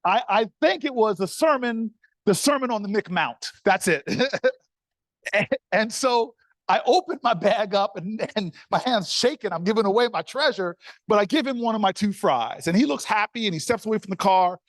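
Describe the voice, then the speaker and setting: A middle-aged man, a senator, telling an animated, folksy story straight to the crowd in a speech. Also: sits high, normal speed, no echo.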